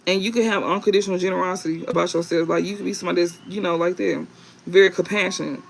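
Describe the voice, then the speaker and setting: A man giving a casual tarot reading to viewers, rambling and halting with many fillers and restarts, and reading card meanings aloud. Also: high voice, steady tone, gravelly, slight background noise, rough recording. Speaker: tarot reader.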